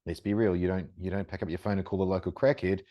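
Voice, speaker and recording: A man's voice: deep voice, steady tone, fast talker, mellow, no echo. A man hosting a podcast interview, talking in a conversational, rambling way and praising his guest. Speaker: podcast host. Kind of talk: casual interview talk.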